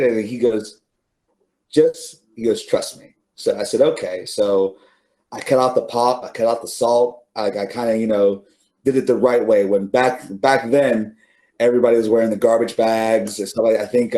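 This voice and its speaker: A man's voice: on the low side, fairly even intonation, normal speed, mellow. A middle-aged man, an interview guest, telling stories casually with many fillers and restarts, laughing now and then. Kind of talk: casual storytelling.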